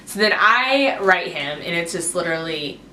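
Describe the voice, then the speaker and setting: A woman's voice: on the low side, expressive, moderate pace, sharp tone, a little hiss or hum. A woman in her twenties telling a personal story to her camera, rambling and full of "like" and "um". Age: 20s. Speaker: vlogger. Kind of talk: casual story time. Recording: echoey room.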